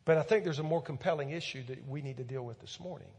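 A man preaching a sermon as pastor, earnest and pleading, repeating words, swelling loud and then dropping soft. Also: on the high side, fast talker, slightly rough. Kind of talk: sermon with altar call. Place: church sanctuary. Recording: long church hall reverb with soft music.

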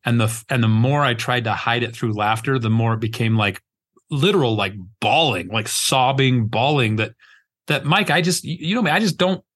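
A man's voice: medium pitch, normal speed, a bit bright. A man hosting a podcast conversation, talking in a rambling, emphatic way, restarting often as he searches for words and swearing casually. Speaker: podcast host.

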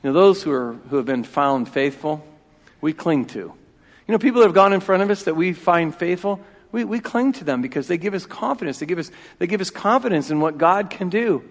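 Forties male pastor, bright-pitched, emphatic and repetitive, loud-to-hushed swings, reverberant sanctuary. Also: animated, a little fast. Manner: emphatic, repeats key phrases, swings between loud and hushed. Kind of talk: sermon. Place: church sanctuary. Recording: long reverb of a church hall.

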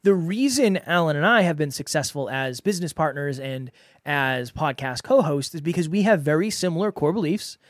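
A man hosts a solo podcast, speaking earnestly and conversationally and circling back to repeat his points. His voice sits a little high. The sound is dry and close, with no room echo. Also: animated, moderate pace. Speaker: podcast host. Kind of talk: solo podcast advice talk.

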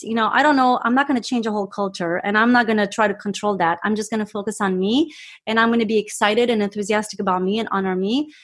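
A woman's voice: mid-range voice, fast. A woman talking as an interview guest, earnest and enthusiastic, with frequent restarts. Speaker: guest, health provider. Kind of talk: casual interview talk.

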